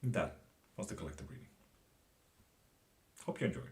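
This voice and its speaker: A man does a casual tarot reading on a live stream, chatting loosely with viewers, laughing often and swearing now and then. His deep voice is a little mellow, with a sing-song lilt and moderate pace.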